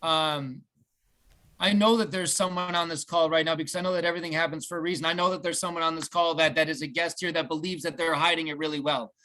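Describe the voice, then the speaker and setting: Male host for a company video call, heartfelt and halting, bright and a bit high. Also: steady tone. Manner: earnest and emotional, slow with restarts.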